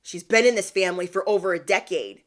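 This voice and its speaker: A woman vlogger in a chatty, animated retelling of a family story, using slang as she talks to her viewers. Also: fairly low pitch, fast talker. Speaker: spiritual vlogger. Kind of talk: casual storytelling.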